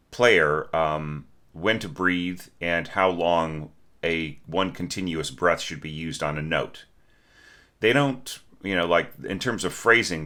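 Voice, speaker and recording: A man's voice: low voice, sharp tone. A man teaching orchestration, going through a student's score in a conversational way, often checking in with "right?" and humming phrases to show them. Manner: conversational, many fillers and "right?" tags; sings phrases to show inflection.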